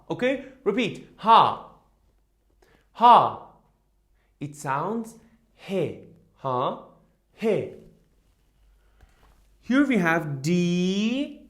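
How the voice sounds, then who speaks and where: A male teacher taking a beginner class very slowly through new words. His voice is lively and swings widely in pitch as he models each word. He asks "okay?" again and again and has the class repeat after him. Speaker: German teacher. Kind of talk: slow beginner language lesson.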